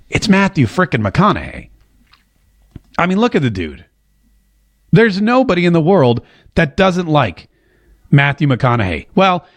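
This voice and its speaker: A man hosting a casual political commentary show to camera, animated and jokey, slipping into a drawl when he quotes someone. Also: on the high side. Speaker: host. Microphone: talking to a camera.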